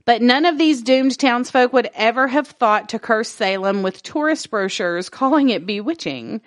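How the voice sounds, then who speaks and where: A woman's voice: a little high, animated, moderate pace, no echo. A woman co-hosting a casual podcast, reading an article aloud, stumbling over words, laughing and swearing casually along the way.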